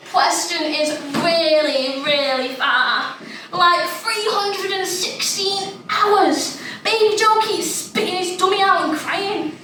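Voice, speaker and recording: A woman's voice: high voice, bright, forceful tone, heavily acted. A woman performing a dramatic monologue as an innocent, rambling little schoolgirl. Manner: innocent, rambling, matter-of-fact. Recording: echoey room, distant mic, noisy.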